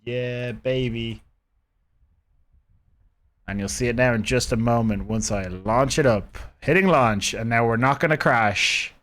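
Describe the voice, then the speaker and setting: A man's voice: mid-range voice, normal speed, hardly any pauses, a bit bright. A man streaming a game live from his own room, rambling casually and chatting with his viewers. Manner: rambling, chatty, talking to chat.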